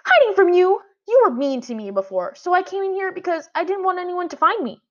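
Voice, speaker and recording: Bratty little kid sister, squeaky and bouncy, as a lady reads her, dull lo-fi sound. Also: animated, fairly quick. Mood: whiny. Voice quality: squealing high voice. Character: little girl, bratty and teasing. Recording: dull lo-fi audio.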